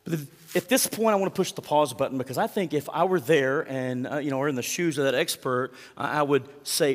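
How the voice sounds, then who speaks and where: A man's voice: medium pitch, brisk, few pauses, in a large hall. A male pastor preaching a sermon in a conversational way, often putting direct questions to the congregation.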